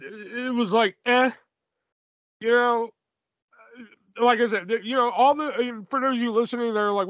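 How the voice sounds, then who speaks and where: A man co-hosting a podcast, chatting casually and profanely about wrestling, rambling and animated. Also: high-pitched, dry recording, dull audio. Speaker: podcast co-host. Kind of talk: casual wrestling review chat.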